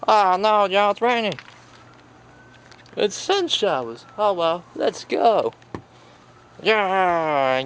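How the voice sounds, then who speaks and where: A man plays out a toy adventure, speaking slowly in a high, bouncy voice. He keeps switching between goofy high and low character voices, with faint noise behind him. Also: big pitch swings, fairly bright tone. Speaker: toy video maker voicing all characters.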